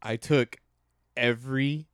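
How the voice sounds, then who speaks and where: Dude cussing through a coaching story on a podcast, smooth clear voice, dry close mic. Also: male voice, medium pitch, slow pace, no echo. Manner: profane storyteller, animated quoting. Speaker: podcast co-host, former youth baseball coach. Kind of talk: casual podcast chat.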